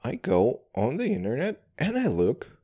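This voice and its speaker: With a fairly high, slightly rough voice at normal speed, a young Kazakh man tells a story as a heated, casual rant. Animated throughout, he keeps swearing, addresses everyone as dude, and laughs at what he's recounting.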